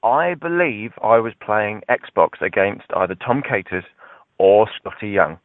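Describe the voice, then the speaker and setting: A man's voice: fairly low pitch, measured pace, no echo. A man with a southern English accent, telling a self-mocking story in casual podcast chat. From Britain. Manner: wry, self-mocking, animated. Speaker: podcast co-host. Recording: tinny phone-line sound.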